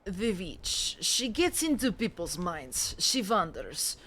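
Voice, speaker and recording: A woman voicing an eerie older male stranger in a frozen wilderness game, speaking low and hushed with an ominous manner. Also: big pitch swings, takes it slowly, slightly rough, exaggerated voice.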